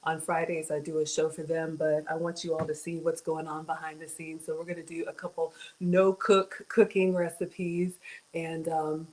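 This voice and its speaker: A woman's voice: low voice, level tone, normal speed, a little mellow, rough recording. A middle-aged woman hosting a casual cooking livestream, chatty and greeting viewers by name. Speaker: cooking show host.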